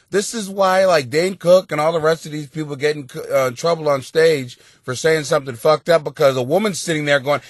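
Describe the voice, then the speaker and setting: A man's voice: a little high, brisk, hardly any pauses, no room sound, studio quality. A man hosting a show from his basement, ranting bluntly and crudely with a lot of swearing. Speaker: host. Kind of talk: profane comedic rant to camera. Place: home basement.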